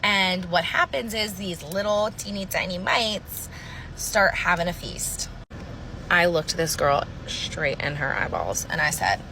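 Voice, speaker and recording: A woman's voice: on the low side, animated, measured pace, noisy background. A woman telling a casual story, explaining plainly and then musing aloud.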